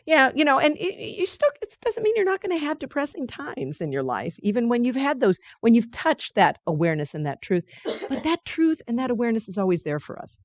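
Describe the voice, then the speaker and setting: A woman teaching a weekly spiritual study group, reading passages slowly and explaining them earnestly, with frequent restarts. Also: a little high, sing-song, dry recording.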